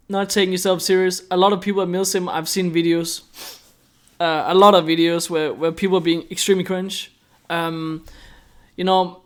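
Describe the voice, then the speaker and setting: Chatty young airsoft vlogger. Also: male voice, high-pitched. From Denmark. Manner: rambling, chatty, lots of fillers. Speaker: airsoft YouTuber. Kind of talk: casual explainer vlog.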